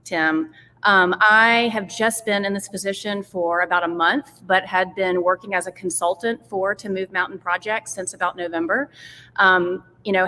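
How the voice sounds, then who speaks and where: A woman's voice: mid-range voice, sharp tone. Earnest woman guest in reverberant room. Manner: earnest, articulate, some fillers. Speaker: guest, curriculum director. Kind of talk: interview conversation. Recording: long reverb, faint background noise.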